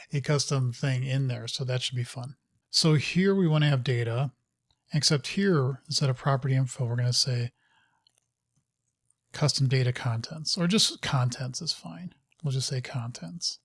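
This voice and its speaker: A man's voice: mid-range voice, no echo, clean studio sound. A man hosting a live coding session, thinking aloud as he works, muttering to himself and scolding his code with casual, self-mocking asides.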